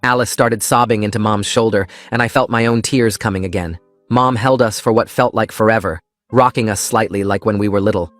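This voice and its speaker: A man narrating a first-person story in a calm, steady scripted style. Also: on the low side, fairly quick, faint music behind.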